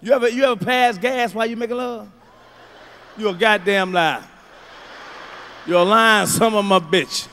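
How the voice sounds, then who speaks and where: A male stand-up comedian, delivering a profane routine with shouted punchlines. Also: high voice, normal speed, pauses often, a little hiss or hum.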